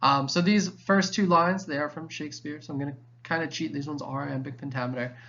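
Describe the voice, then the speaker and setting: A young male teacher explains a lesson in a loose, casual way, dropping "um" and "like" as he goes. His voice sits a little high for a man. The recording is a bit dull and lo-fi. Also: fairly even intonation, a little fast, fairly bright tone, slight background noise. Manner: casual, filler-heavy explaining with frequent "um" and "like".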